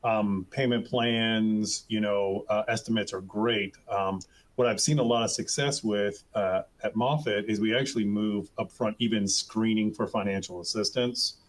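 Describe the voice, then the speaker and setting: Low-voiced man chatting informally on a panel. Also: steady tone, moderate pace. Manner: informal, many fillers. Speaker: healthcare revenue leader, panelist. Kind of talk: panel discussion.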